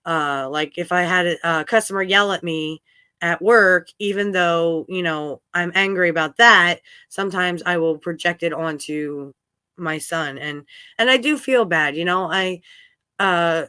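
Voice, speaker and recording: A woman's voice: on the low side, measured pace, sharp tone, clear, resonant tone, no room sound, studio quality. A woman in her thirties hosting a candid podcast chat, talking openly and at length with many fillers. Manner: rambling, open, with frequent fillers. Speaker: podcast host. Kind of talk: candid conversational talk.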